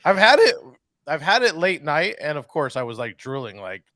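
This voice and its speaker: A man's voice: fairly high pitch, very animated, normal speed, pushed and bright, dry recording, clean studio sound. A man co-hosting a podcast in casual chat, laid-back and joking, swearing now and then. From California. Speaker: podcast co-host.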